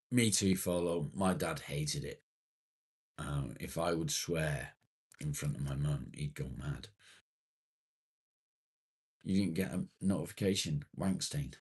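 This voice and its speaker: Low, slow-talking man streaming live. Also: darkish tone, slightly rough. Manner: swears often, rambling and self-deprecating. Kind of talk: casual live-stream chat reading comments.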